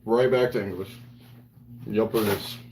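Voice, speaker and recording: A man's voice: on the low side, steady tone, unhurried, darkish tone, a little hiss or hum, poor audio. A man live-streaming and chatting with viewers, rambling playfully and slipping into broken Spanish. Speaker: livestreamer reading chat. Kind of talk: casual live-stream chat.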